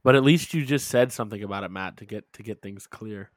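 A man's voice: fairly low pitch, fast talker, dry recording. A man co-hosting a casual podcast, teasing his friends with dry quips. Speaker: podcast co-host. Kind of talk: casual chat.

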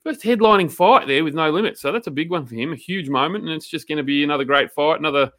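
Blokey Australian man with a bright voice. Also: fairly high pitch, fast talker. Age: 30s. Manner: blokey, slangy, animated rants. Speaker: podcast co-host. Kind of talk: casual podcast chat.

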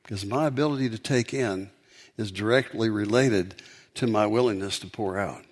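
A man's voice: fairly low pitch, moderate pace. A man, a pastor, preaching a sermon and telling a story, building up to emphatic peaks.

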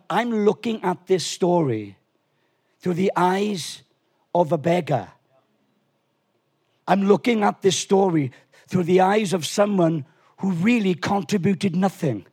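A man preaching a lively sermon in a church, animated and swinging from quiet asides to shouts. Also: high-pitched. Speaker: pastor.

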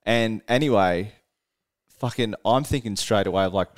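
A man, a touring musician and podcast co-host, tells a tour story in casual chat. He is animated, laughs often mid-sentence and swears freely. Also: lowish voice, normal speed.

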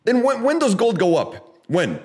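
Lively, profane, ranting man. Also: sits high, normal speed. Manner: profane, emphatic, sarcastic, rhetorical questions. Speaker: podcast host. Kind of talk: casual opinionated chat.

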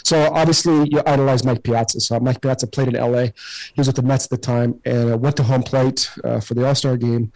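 A man's voice: mid-range voice, steady tone, brisk, a little mellow, low-quality recording. A man in his forties, a former baseball player, telling locker-room stories casually with lots of fillers and swearing. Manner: rambling, filler-heavy, swears freely. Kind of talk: casual storytelling.

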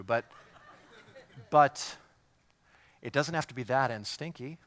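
Middle-aged pastor guy preaching, bright forceful voice, goofy and animated, does little voices. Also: a little high, a little slow, pauses often. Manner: animated, jokey, acts out quoted voices. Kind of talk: sermon.

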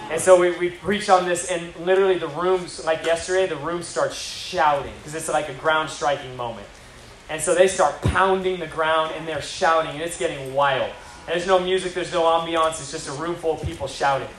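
Energetic preacher man in echoey hall. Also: fairly high pitch, brisk. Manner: energetic storytelling with acted quotes. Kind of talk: sermon storytelling. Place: large hall with audience. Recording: roomy hall from a distance, crowd.

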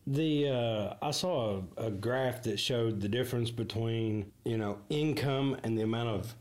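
A man's voice: mid-range voice, measured pace, a little mellow. Blunt, profane man. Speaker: podcast host. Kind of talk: casual podcast chat.

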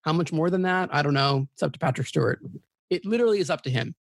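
A man talks as a guest in a casual podcast chat, with a slightly high voice. He rambles eagerly and corrects himself mid-sentence. The recording is dry and close. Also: fast, gravelly, no echo.

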